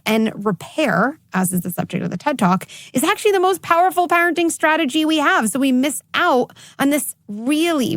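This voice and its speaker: A middle-aged woman psychologist giving candid interview answers, animated when she acts out what others say. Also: mid-range voice, no room sound, studio quality. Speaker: psychologist guest.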